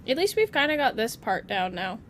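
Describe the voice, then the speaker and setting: A woman's voice: a little high, very animated, brisk, fairly bright tone, slight background noise. A young woman streaming a game, chatting playfully with her viewers and teasing the character on screen. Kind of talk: live gameplay commentary.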